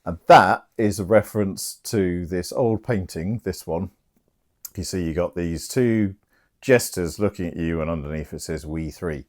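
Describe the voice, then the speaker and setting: A man's voice: low voice, measured pace. A young man casually and irreverently retelling a play's plot with plenty of swearing, while drinking. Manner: irreverent, swears freely, animated. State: drinking, slightly tipsy. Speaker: host.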